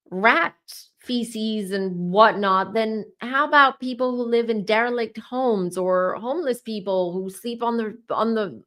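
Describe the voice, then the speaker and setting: A woman doing a casual tarot reading for her channel, talking in an animated way and repeating herself as she works up to exclamations. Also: a little high. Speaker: tarot reader.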